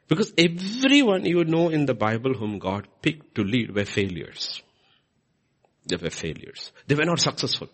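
Male preacher, sermon, husky voice, lively swooping pitch, church. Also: normal speed. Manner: animated, swinging pitch and loudness for emphasis.

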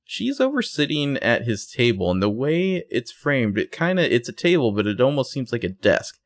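A man co-hosting a casual recap chat, animated and sarcastic, jumping into high, loud voices when quoting characters. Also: normal speed, no room sound. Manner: profane and sarcastic. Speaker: podcast co-host.

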